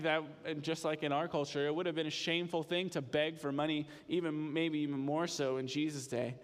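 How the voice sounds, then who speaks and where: A man's voice: fairly high pitch, steady tone, normal speed, long reverb tail. A young adult man giving a sermon in a church, explaining in a conversational, teaching way with small restarts. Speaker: pastor.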